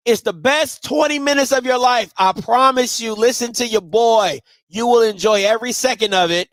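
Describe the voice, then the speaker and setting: A man hosting a live sports talk show, ranting in a casual and profane way, dropping to low mutters and then rising to shouts. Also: no echo.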